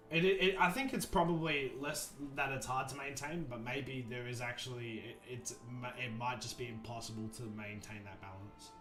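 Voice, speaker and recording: A man hosting a livestream, chatting casually and thinking out loud, restarting his sentences often. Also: medium pitch, normal speed. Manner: rambling, thoughtful, many restarts and fillers. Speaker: livestream host. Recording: roomy echo, faint music behind.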